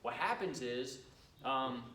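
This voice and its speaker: A man's voice: mid-range voice, expressive, slow pace, sharp tone, roomy sound, recorded from a distance, a little hiss or hum, low-quality recording. A middle-aged man running a cleaning business gives a casual training talk to a live audience, telling stories and acting out customers' lines. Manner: chatty storyteller who acts out customers' lines.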